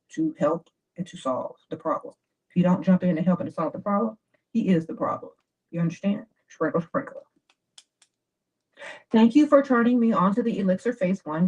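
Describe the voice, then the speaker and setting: Husky, mellow woman giving advice. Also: lowish voice. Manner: animated, chatty, coaching. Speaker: advice host. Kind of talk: casual livestream advice talk. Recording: dull lo-fi sound.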